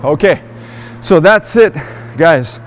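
A man's voice: fairly high pitch, lively intonation, slow pace, heavy background noise. A man in an indoor gym demonstrating and explaining a workout, in an upbeat coaching manner that speaks straight to his viewers. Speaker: fitness vlogger.

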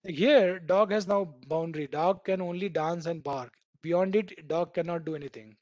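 A fairly high-voiced programming instructor from India leads a live online coding class at a moderate pace, his tone on the dark side. Ideas come wrapped in everyday analogies, punctuated by frequent checks of "right?" The sound is close and dry with no room around it, and the highs are cut off.

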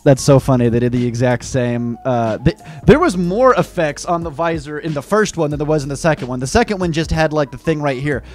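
A young man giving mocking, excitable comedic reaction commentary on a video. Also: a little high, fairly quick, hardly any pauses, faint music behind. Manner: excitable, mocking, laughs at clips. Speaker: YouTube commentator.

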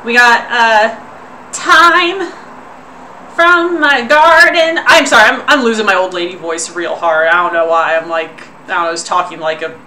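A woman's voice: fairly low pitch, fairly even intonation, brisk, few pauses, sharp tone. A young woman from Southern California with a Southern California accent, chatting casually with her stream while she cooks and swearing freely. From Orange County, Southern California. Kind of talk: casual cooking livestream. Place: home kitchen. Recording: roomy kitchen, mic a bit far, faint noise.

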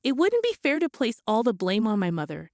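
A woman giving expressive first-person scripted story narration, her pitch jumping up on questions. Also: fairly quick, no room sound, studio quality.

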